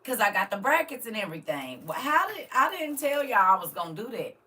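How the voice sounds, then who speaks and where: An older grandmother chats on a live stream, talking right to her viewers. Her voice is bright and a little tense. She sits a bit back from the camera mic, so she sounds slightly distant. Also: fairly high pitch, big pitch swings, brisk. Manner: chatty, talks straight to viewers. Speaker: vlogger. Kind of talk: casual live stream chat.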